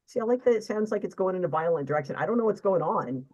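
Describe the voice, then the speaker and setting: A woman's voice: mid-range voice, animated, fast talker, a little mellow, muffled recording. A woman co-hosting a stream, chatting casually in a dry, wry, self-deprecating way. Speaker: stream co-host. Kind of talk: casual chat.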